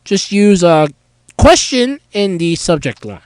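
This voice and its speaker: A man with a high, animated voice hosts a casual solo podcast, sounding nasal and congested from a cold. He rambles along with plenty of fillers and pauses. The sound is dry and close, with a smooth, clear tone under the stuffiness. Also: dry recording, poor audio. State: nasal from a head cold, sore throat. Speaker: podcast host.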